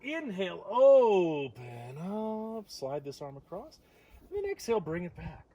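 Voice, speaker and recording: A man's voice: high voice, wildly swooping pitch, moderate pace, a little mellow. Playful man guiding a yoga class. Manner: playful, joking asides between instructions. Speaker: yoga instructor. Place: outdoor deck on a windy morning.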